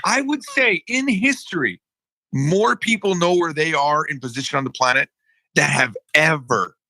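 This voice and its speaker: Casting note: lively, bright-voiced male podcast co-host, dry close mic, restarts often. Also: on the high side, no echo, low-quality recording. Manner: animated, halting with restarts and frequent laughs. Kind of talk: casual podcast conversation.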